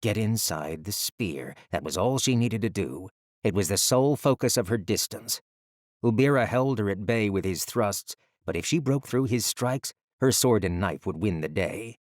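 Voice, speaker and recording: Male audiobook narrator, low-pitched, dramatic and measured, dry studio read. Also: expressive, no echo. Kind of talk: scripted fantasy narration. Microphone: close studio mic.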